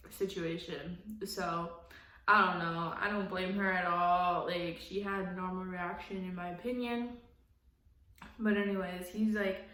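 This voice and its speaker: Young woman vlogger, candid and foul-mouthed, slow easy pace, recorded in an echoey room. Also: fairly low pitch, sharp tone. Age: young adult. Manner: candid, profane, laughs often, blunt opinions. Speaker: reality TV recap vlogger. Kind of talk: casual recap commentary.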